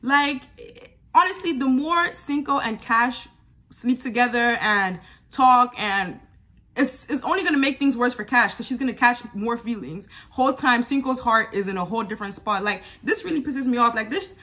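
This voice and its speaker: Bright-voiced woman chatting to viewers. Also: fairly high pitch, moderate pace. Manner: chatty, animated, laughs often, addresses viewers directly. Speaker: YouTube reality TV reviewer. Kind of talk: casual recap vlog.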